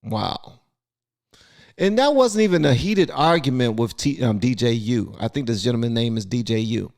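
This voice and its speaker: A man's voice: medium pitch, a little fast. A man hosting a reaction video, talking casually and in disbelief about a clip. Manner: incredulous, animated.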